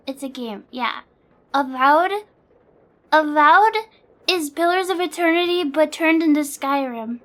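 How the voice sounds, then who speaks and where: A woman's voice: high voice, normal speed, hardly any pauses. A young woman streamer chatting casually, rambling with lots of fillers and swearing freely. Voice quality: sleepy.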